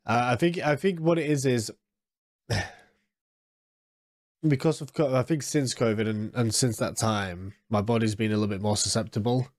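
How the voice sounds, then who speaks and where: A man's voice: mid-range voice, normal speed, long pauses, dry recording, clean studio sound. A man in his thirties with a congested, nasal voice, chatting casually as a podcast host in a rambling way. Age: 30s. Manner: rambling, with frequent restarts and fillers. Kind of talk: casual solo podcast chat.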